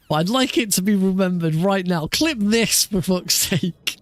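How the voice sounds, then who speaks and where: A high-pitched man streams speedrun practice, chatting casually with viewers, laughing a lot and swearing freely. The audio has no echo.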